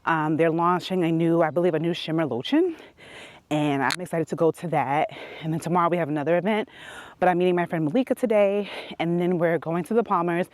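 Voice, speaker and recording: Strolling outdoors on a quiet country road, this New York City woman shares a chatty story for her beauty vlog, a bit breathless, performing the quotes with laughter. She has a low, darkish voice, and the recording carries no room sound.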